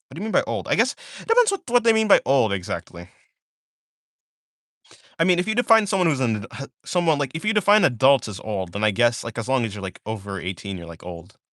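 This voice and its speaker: A man's voice: medium pitch, fairly bright tone, no room sound, studio quality. A young man chatting casually on a live art stream while he draws, rambling and drowsy, often trailing off into mumbles.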